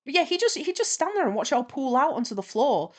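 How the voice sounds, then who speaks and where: A young woman streaming while she animates, chatting and retelling a story with lively quoted dialogue. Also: sits high, fast.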